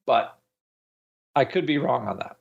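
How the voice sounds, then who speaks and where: A man's voice: mid-range voice, unhurried, gravelly, dull audio. A man on a finance talk show giving his view of a trade in a hesitant way, with many fillers and restarts. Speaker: panelist. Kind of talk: casual market talk.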